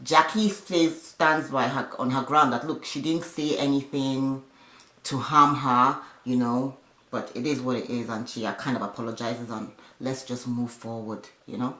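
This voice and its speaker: A woman's voice: a bass voice, moderate pace. Chatty woman in an echoey room. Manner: chatty, animated, with opinionated asides. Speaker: reality TV recap vlogger. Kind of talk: casual episode recap.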